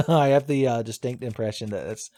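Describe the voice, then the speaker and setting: A man's voice: medium pitch, moderate pace, dark tone, a little hiss or hum. A man giving joking, profane let's-play commentary while he plays, with a lot of laughter. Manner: joking, swearing, frequent laughs. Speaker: gaming video host.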